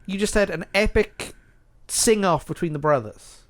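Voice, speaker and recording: A man's voice: high voice, moderate pace. A British man co-hosting a podcast, chatting casually and arguing his picks with many restarts. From United Kingdom. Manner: opinionated, animated, with many restarts. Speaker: podcast co-host. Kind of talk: casual chat ranking songs.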